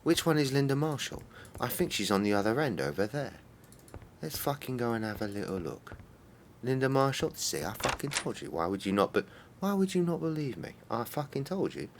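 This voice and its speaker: A man's voice: mid-range voice, very animated, fairly quick, a little hiss or hum. Sweary male streamer. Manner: sweary, exasperated muttering. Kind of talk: casual game-stream commentary.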